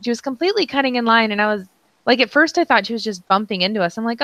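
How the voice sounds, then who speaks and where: A young woman chats casually as a co-host, laughing often and poking fun at herself. Her voice is recorded on a close mic with a dry, flat room sound. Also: a little high, fast, no echo. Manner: giggly and self-deprecating, laughs often. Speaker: podcast co-host. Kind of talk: casual chat.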